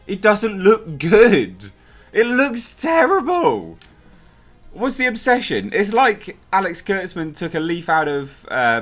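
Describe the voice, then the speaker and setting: A young man giving a casual, exasperated spoken review of a TV episode, ranting in an animated way. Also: mid-range voice.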